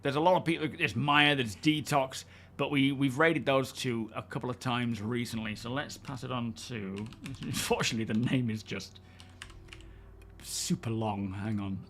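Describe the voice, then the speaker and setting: A man streaming a game, chatting in a relaxed, rambling way with plenty of fillers and friendly thanks to his viewers. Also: mid-range voice, normal speed, slight background noise. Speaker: game livestreamer. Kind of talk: casual livestream chat.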